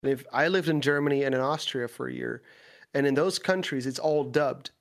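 A man's voice: medium pitch, brisk, vocal fry. A man from the Netherlands, a native Dutch speaker, chatting on a podcast over an online call. He talks in long, winding explanations with plenty of fillers. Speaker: guest. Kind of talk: casual podcast chat.

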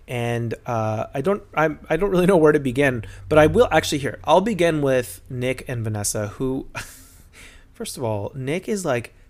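A chatty man talks through a reality TV recap in a loose, gossipy way. He slips into quick impressions of the people he describes, and his voice sits in an ordinary middle pitch for a man. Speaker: podcast host.

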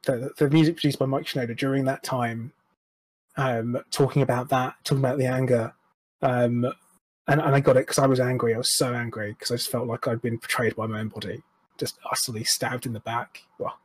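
A man's voice: medium pitch, little pitch movement, a little fast, slightly rough. A young man talking candidly as an interview guest, frank and rambling, with restarts and self-deprecating asides. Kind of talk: candid personal conversation.

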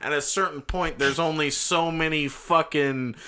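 A man who is a stand-up comedian, a guest on a casual podcast. He riffs and swears constantly and laughs loudly. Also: a little high, fairly even intonation, normal speed, clear, resonant tone. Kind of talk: casual chat.

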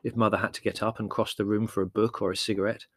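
A man narrating an audiobook in a wry, measured storytelling manner. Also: on the low side, level tone, no room sound, studio quality.

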